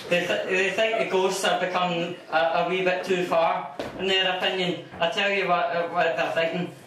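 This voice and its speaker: A man's voice: sits high, little pitch movement, normal speed, fairly bright tone. A Scottish man doing a crude, rambling stand-up comedy set with frequent stammers, recorded from far off in a club. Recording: echoey room from far off, noisy. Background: audience laughter.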